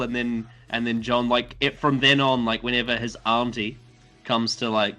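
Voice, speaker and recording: A man in a casual podcast chat, rambling through a TV plot with lots of fillers and mocking quick impressions of the characters. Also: mid-range voice, level tone, sharp tone, soft background music.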